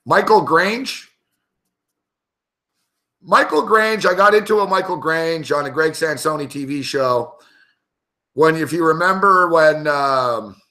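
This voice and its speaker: A man spinning a heated, profane story as a panelist on a sports betting show. His voice is bright and forceful and sits a little high for a man. He talks in loose, sweary bursts. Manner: profane, heated, animated anecdote-telling. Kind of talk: casual storytelling.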